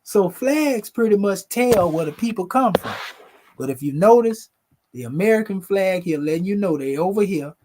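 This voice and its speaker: Male host, relaxed explanatory chat over images, slightly higher-pitched, calls his audience family. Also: moderate pace, noisy background. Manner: conversational, addresses viewers as family. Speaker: video host presenting photos. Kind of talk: casual explanatory talk over pictures.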